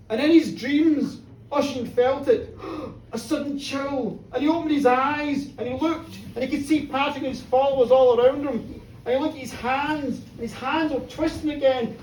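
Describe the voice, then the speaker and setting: A woman's voice: a little high, slight background noise. Woman telling a folk tale. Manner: dramatic, swings between loud bursts and hushed lines. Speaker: storyteller. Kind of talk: live folk-tale storytelling. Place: pub function room with a live audience. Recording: roomy live pub recording from far off.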